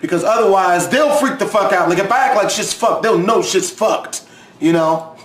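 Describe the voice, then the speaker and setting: A high-voiced man tears into a scary story with crude, profane jokes, breaking into loud shouts and mocking voices. The sound carries a roomy echo around him. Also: moderate pace, a little hiss or hum. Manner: crude, loud outbursts, mock voices of others. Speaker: reaction video host. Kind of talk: profane comedic reaction commentary.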